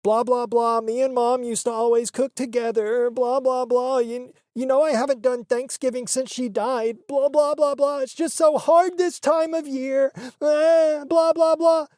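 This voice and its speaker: A man's voice: very high-pitched, steady tone, unhurried, hardly any pauses, darkish tone, no echo, studio quality, pitched above the performer's own voice. Man mimicking a whiny sobbing mother. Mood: whiny mockery. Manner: mocking, whining, sing-song. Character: middle-aged mother, whiny, fake sobbing.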